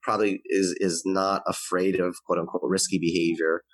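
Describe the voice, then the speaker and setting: Male interview guest, very low voice, dry close sound, earnest and explanatory delivery. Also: level tone, normal speed, dry recording, rough recording. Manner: earnest, explanatory, varies his pace to demonstrate. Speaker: guest expert on parenting. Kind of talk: conversational advice interview.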